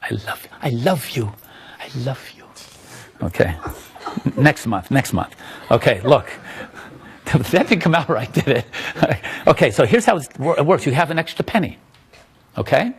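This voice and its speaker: A man's voice: mid-range voice, big pitch swings, normal speed, pauses often. A middle-aged man, a magician, casually walking someone through a coin trick, chatty and self-interrupting.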